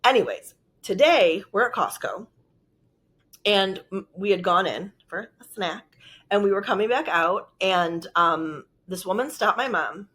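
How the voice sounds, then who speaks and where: A woman's voice: mid-range voice, expressive, measured pace, a bit bright, breathy edge. Woman vlogging, rambly storytelling, lots of likes, medium voice. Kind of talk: casual storytelling.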